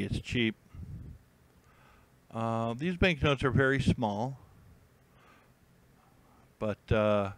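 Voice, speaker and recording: A man's voice: mid-range voice, drawn-out words, long pauses, rough recording. A man hosting a casual live stream, rambling and thinking aloud with many fillers and restarts while he browses listings. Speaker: YouTube host.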